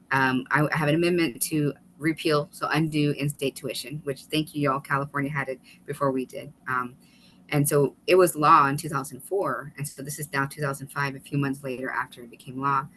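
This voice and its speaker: A woman guest on a video call webinar, telling an animated story with quick asides and laughter. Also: extremely low pitch, slight background noise, rough recording. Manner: animated, fast-paced storytelling with laughs and restarts. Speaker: guest, author and former state legislator.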